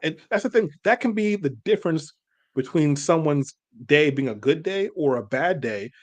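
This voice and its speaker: A man's voice: on the high side, expressive, moderate pace. A man, co-hosting a casual reaction chat, making his case earnestly and at length. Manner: earnest, persuasive, rambling. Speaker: co-host.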